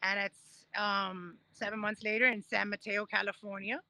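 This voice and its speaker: Woman in her 30s chatting about her journey, super bright tone, dry close sound, acts out other people's lines. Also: medium pitch, normal speed, dry recording. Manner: animated, acts out quoted voices while telling stories. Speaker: guest, Paralympic discus thrower. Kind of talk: casual storytelling interview.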